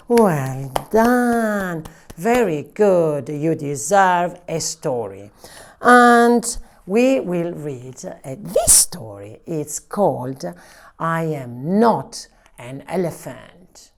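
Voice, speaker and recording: A woman's voice: fairly low pitch, expressive. A woman leading a children's story time at a library. She sings a greeting and encourages young listeners before reading. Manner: slow, encouraging, sing-song with young listeners.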